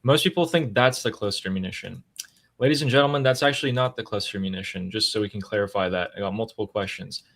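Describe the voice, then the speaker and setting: A man's voice: lowish voice, fast talker, creaky, hardly any pauses, a bit bright. A man hosting a live news analysis stream, explaining breaking events in a matter-of-fact way. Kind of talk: casual live news commentary.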